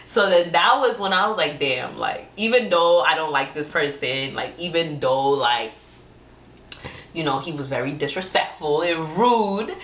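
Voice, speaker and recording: A young woman telling a couple's story with lively energy, acting out quotes with big jumps in her voice and laughing often. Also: sits low, a little slow. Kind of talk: animated storytelling. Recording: roomy sound from a distant mic.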